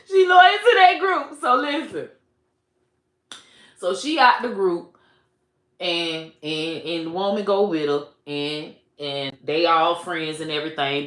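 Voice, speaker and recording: A woman's voice: deep voice, a bit bright, roomy sound. A woman comedian telling a profane, comic story and laughing between her lines.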